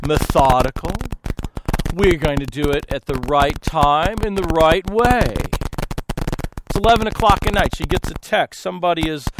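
Telling stories from the pulpit, this high-pitched male pastor is animated, laughs frequently and imitates the voices of his characters. Background noise can be heard behind him.

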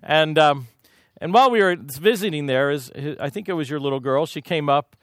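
Recorded dry with a clean studio sound, this Kansas preacher has a fairly high-pitched voice and speaks at normal speed. His sermon weaves in lively, folksy, humorous stories from his own life.

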